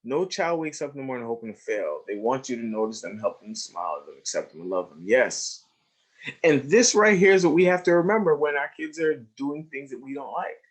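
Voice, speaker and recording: Animated man telling classroom stories. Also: medium pitch, fairly quick. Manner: animated storytelling, acts out quoted students, drops to a hush for asides. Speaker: educator presenting a webinar. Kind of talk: conversational lecture with anecdotes.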